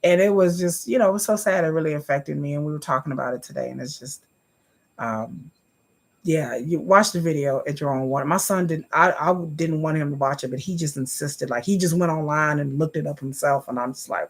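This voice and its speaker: Gravelly-voiced woman chatting to viewers. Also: deep voice, a little fast. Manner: chatty, addresses viewers as y'all. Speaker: livestream host. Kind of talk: casual livestream chat to viewers.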